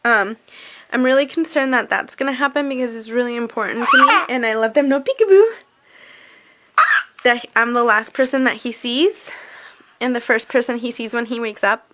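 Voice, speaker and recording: A woman's voice: steady tone, fairly quick, pushed and bright, slight background noise. A young woman vlogging as a mother, talking anxiously and rambling with fillers and trailing thoughts. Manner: breaks into high playful baby talk with her son. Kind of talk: casual vlog to camera.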